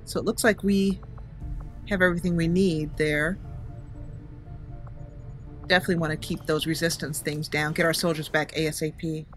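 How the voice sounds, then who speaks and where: A woman's voice: low voice, little pitch movement, normal speed, long pauses, soft background music. A woman hosting a let's-play, chatting casually as she thinks aloud, with frequent hesitant fillers and small chuckles. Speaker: gaming channel host.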